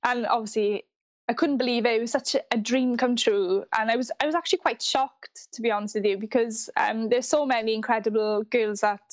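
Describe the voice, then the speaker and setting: A woman's voice: a little high, steady tone, a little fast. A woman in her twenties with a strong Welsh accent, chatting as an interview guest and laughing often between sentences. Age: 20s. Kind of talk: casual interview. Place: live online video call.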